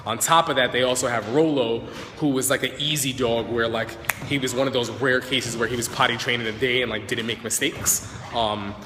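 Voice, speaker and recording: A dog trainer chats casually on a live stream while working with dogs, talking to both viewers and the animals and often saying "right?" and "like." His medium-pitched voice has fairly even intonation and moves fairly quickly. The background is noisy, and the echoey room has a long reverb.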